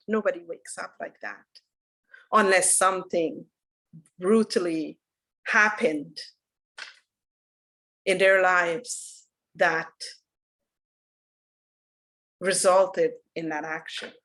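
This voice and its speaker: A woman with a fairly low voice gives an unhurried, earnest dharma talk. She leads her workshop as a spiritual teacher and tells the story at a steady pace. She goes soft and quiet at its solemn turns. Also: poor audio.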